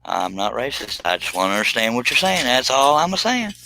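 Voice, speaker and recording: A man's voice: medium pitch, big pitch swings, fairly quick, creaky, pushed and bright, a little hiss or hum. A man hosting a live stream, rambling and joking in casual chat as he reads viewer comments aloud.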